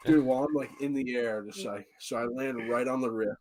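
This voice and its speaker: Animated, profane podcast storyteller man. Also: mid-range voice, a little fast, hardly any pauses. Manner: animated, profane, acts out quotes. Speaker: podcast co-host. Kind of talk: casual storytelling chat.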